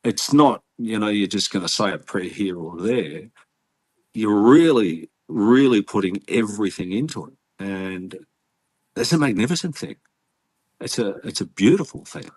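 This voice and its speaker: A man with an Australian accent, a guest in an interview, telling his story earnestly and haltingly with many restarts. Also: on the low side, animated. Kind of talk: casual interview conversation.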